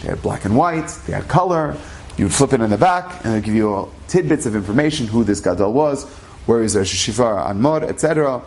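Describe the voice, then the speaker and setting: A man speaking as the storyteller, telling a personal story in an animated, conversational way. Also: mid-range voice, quick pace.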